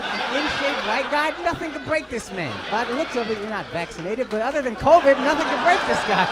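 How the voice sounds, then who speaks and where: Male stand-up comic, brash and profane, high lively voice, roomy club with a roaring crowd. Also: very noisy. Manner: brash, profane, teasing the audience. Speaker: stand-up comedian. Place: comedy club stage. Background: loud audience laughter.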